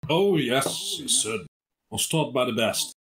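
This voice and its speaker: Man as pompous old archmage, bragging, tabletop role-play, mid pitch. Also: animated, slow, a bit bright. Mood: boastful. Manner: pompous, self-praising. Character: boastful old male human archmage. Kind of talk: tabletop role-play over a video call.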